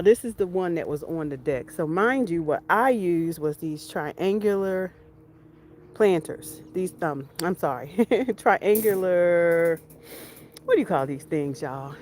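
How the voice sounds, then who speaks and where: A woman gives an excited, chatty tour of her garden outdoors. She keeps repeating herself and calls out to her viewers as y'all. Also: on the low side, a little hiss or hum. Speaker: homestead vlogger.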